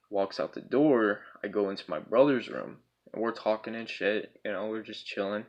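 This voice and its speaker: A man's voice: lowish voice, moderate pace, few pauses, lo-fi sound. A young man casually telling a personal story, rambling and swearing a lot, often checking in with his listeners. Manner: profane, rambling, checks in with 'right?' and 'bro'.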